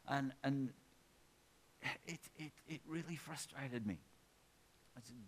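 A man preaching a sermon, telling a personal story in a chatty way and then rising into drawn-out, impassioned exhortation. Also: mid-range voice, a little hiss or hum.

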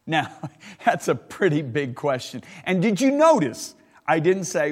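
A middle-aged man preaching a sermon emphatically, slowing down to stress key words and rising sharply in pitch when he gets worked up. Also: sing-song, long reverb tail.

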